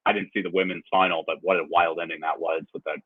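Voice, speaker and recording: Husky-voiced man on a tinny line. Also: low voice, quick pace, no room sound. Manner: animated, laughs easily, restarts often. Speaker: podcast co-host. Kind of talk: casual sports chat.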